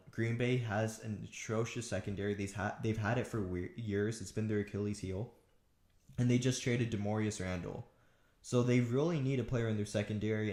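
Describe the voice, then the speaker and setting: A man's voice: lowish voice, a little mellow, reverberant. A man talking through football draft picks alone, casual and thinking aloud with frequent restarts. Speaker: sports commentator. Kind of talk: solo draft analysis talk.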